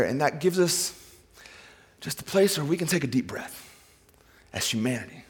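A male pastor preaching a sermon, shifting between soft asides and raised, emphatic passages. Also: a little high, sing-song, moderate pace, pauses often. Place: large hall with a congregation. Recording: long hall reverb.

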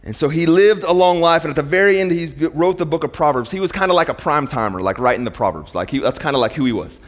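A man's voice: a little high, lively intonation, quick pace. A man preaching a sermon in a church, firing rhetorical questions at the congregation as his intensity rises and falls. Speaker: pastor. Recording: long hall reverb.

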